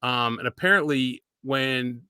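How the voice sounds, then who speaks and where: A man's voice: mid-range voice, a little slow, smooth, no room sound, clean studio sound. A man, co-hosting a podcast in casual chat and telling rambling anecdotes. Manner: rambling anecdotal storyteller, relaxed. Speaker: podcast co-host.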